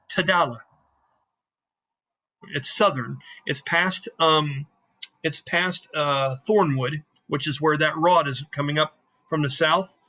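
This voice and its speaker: A man's voice: a little high, sharp tone. A man running a tabletop game as game master, narrating in a rambling, casual way with many fillers.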